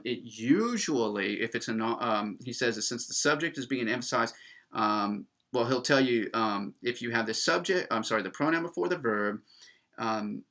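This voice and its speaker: Male lecturer, lively pitch, emphatic classroom delivery with frequent ums. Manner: animated, emphatic, with many fillers. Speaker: Greek teacher.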